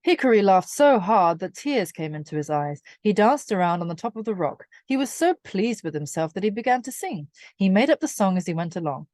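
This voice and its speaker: Brief: woman storybook reader, clear and expressive, animated pitch. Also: dry recording. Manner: expressive, slow and clear for children. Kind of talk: children's storybook read-aloud.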